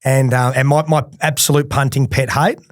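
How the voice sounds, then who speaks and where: A man's voice: mid-range voice, level tone, moderate pace, no echo, studio quality. A middle-aged Australian man, a podcast guest, telling casual stories with lots of laughing and swearing. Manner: laughing, swears freely, rambling anecdotes. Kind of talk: casual storytelling.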